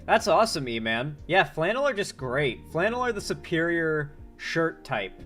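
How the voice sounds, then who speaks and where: A man's voice: on the high side, sing-song, moderate pace, fairly bright tone, soft background music. A man chatting casually on a live stream, rambling and joking with many fillers. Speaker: streamer, political commentator.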